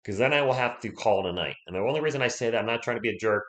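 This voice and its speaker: Guy rambling on a sports livestream, voice a bit worn from being sick, mid pitch, greets the chat by name. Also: lively intonation, very fast. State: voice recovering from illness.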